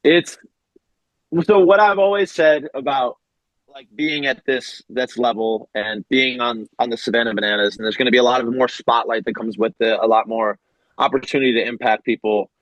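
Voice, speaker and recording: A man's voice: medium pitch, moderate pace, fairly bright tone, dry recording, poor audio. A young man in his twenties, a guest in a casual interview, speaking earnestly and from the heart with lots of "like". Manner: earnest, heartfelt, many fillers like "like". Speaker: guest, baseball pitcher.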